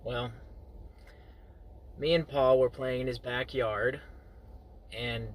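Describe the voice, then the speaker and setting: A man's voice: medium pitch, fairly even intonation, unhurried, pauses often, slight background noise. A man casually telling a personal story to his viewers, chuckling now and then. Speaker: vlogger.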